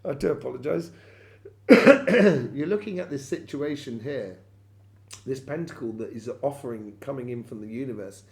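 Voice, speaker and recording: A man's voice: medium pitch, normal speed. A man giving a weekly tarot reading straight to his viewers, rambling with many fillers and restarts. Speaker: tarot reader.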